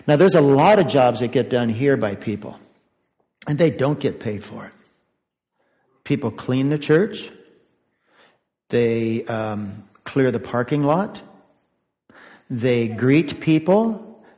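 A man's voice: mid-range voice, lively intonation, takes it slowly, long pauses, a little mellow. An older man giving a children's sermon as pastor, chatty, asking the kids questions and chuckling often. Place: church sanctuary. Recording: echoey church sanctuary.

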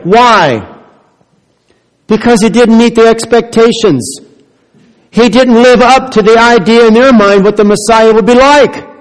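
Heard in a large hall, a high-voiced pastor preaches, alternating hushed and emphatic lines and firing off plenty of rhetorical questions.

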